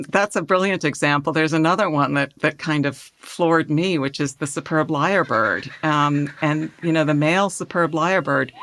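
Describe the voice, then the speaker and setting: A woman guest author answering interview questions thoughtfully, often pausing with fillers and restarting her phrases. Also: sits low, fairly bright tone. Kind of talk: conversational interview.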